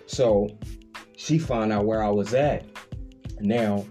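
A man, casually telling a story on a podcast. His voice is warm and mellow, and he keeps slipping into high, playful impressions of other people. Faint music plays underneath. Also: slow pace. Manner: animated storyteller, acts out quoted voices with big pitch jumps, laughs often, slangy.

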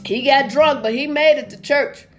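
A woman's voice: high-pitched, normal speed, a bit bright, faint music behind. A woman doing stand-up over a video call, telling folksy jokes and acting out each character's lines. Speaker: stand-up comedian. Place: home, virtual comedy show.

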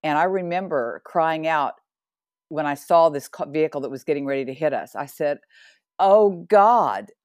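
Woman in her 60s, low pitch, dry recording. Podcast guest giving a lively, earnest testimony. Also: a little fast, dry recording. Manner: animated and earnest, with laughs and asides. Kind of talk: personal faith testimony.

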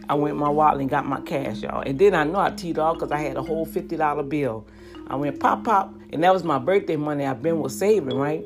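A woman's voice: sits low, quick pace, faint music behind. A woman telling a story casually. She is chatty, talks straight to her listeners and acts out what other people said. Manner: chatty, addresses listeners as "y'all".

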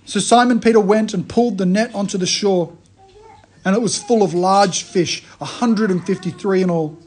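A man giving a conversational sermon, retelling a story in a lively way and often restarting his phrases. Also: high voice, moderate pace. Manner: animated storytelling, frequent restarts. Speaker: preacher.

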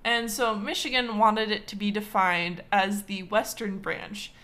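A woman's voice: mid-range voice, fairly even intonation, a little slow, sharp tone. A woman from Wisconsin hosting a casual history podcast, chatty and playfully indignant, with lots of fillers. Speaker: podcast host.

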